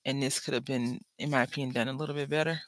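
A papercraft channel host, a parent of school-age children, chats casually and rambles while crafting, often interrupting themself. The voice is mid-range and steady in tone, fast, with no room sound.

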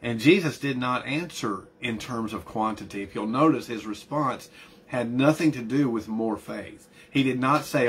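A man's voice: medium pitch, moderate pace, a bit bright, a little hiss or hum. A middle-aged man preaching a conversational sermon as pastor, often repeating words and building emphasis.

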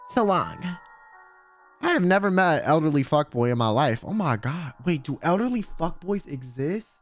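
A man's voice: on the high side, lively intonation, a little fast, few pauses, faint music behind. A man streaming a game, chatting casually and animatedly with frequent swearing and laughter.

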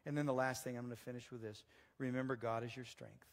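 A man's voice: mid-range voice, fairly even intonation, fast talker. Guy pastor giving a sermon, chatty storytelling, lots of echo from the church hall. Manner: storytelling, conversational, with many restarts. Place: church sanctuary.

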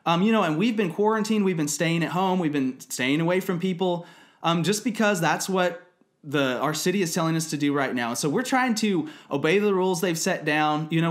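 Earnest man with a higher voice, chatty faith teacher, lots of "um" and restarts. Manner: earnest, conversational, many fillers and restarts. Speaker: Christian video teacher. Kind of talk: personal devotional teaching to camera.

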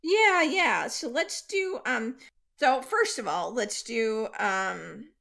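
A woman's voice: a little high, expressive, slow, vocal fry, bright, forceful tone. A woman serving as game master in a tabletop role-playing game, explaining rules and scenes in a loose, chatty way full of fillers.

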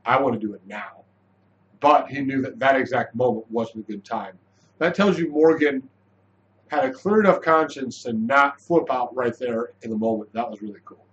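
A man giving a casual, animated spoken review of a TV episode, chatty, with frequent restarts. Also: medium pitch, moderate pace, highs cut off.

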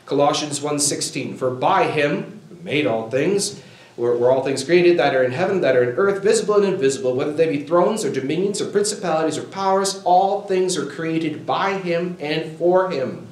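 A man's voice: a little high, expressive, moderate pace, echoey room, rough recording. A male pastor preaching a sermon, quoting scripture with rising fervor.

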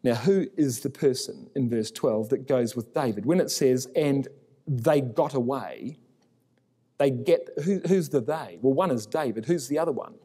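A man's voice: medium pitch, moderate pace, long reverb tail. A man teaching through a Bible passage verse by verse, acting out the dialogue with a raised voice. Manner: animated, acts out biblical dialogue in raised voice.

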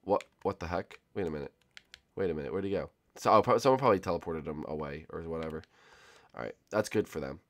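A man hosting a gaming channel, giving excitable gameplay commentary and often repeating his words. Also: sits low, fast. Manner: excitable, repeats himself a lot.

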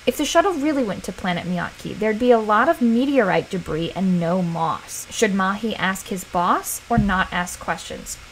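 A woman's voice: on the high side, fairly bright tone, a little hiss or hum, rough recording. A woman hosting a casual let's play, animatedly talking to her game character and reading game text aloud.

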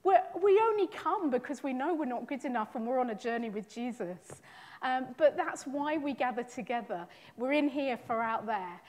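A woman's voice: high voice, animated, moderate pace. A woman leading a church service, enthusiastic and informal as she responds to a testimony and moves on to baptisms. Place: church hall. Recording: long hall reverb.

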